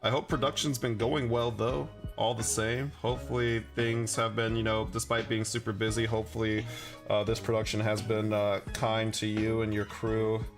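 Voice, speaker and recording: A man with a lowish voice and flat delivery talks at normal speed while he livestreams his miniature painting, with music in the background. Casual and rambling, he fills his speech with fillers and chuckles and reads chat aloud to respond.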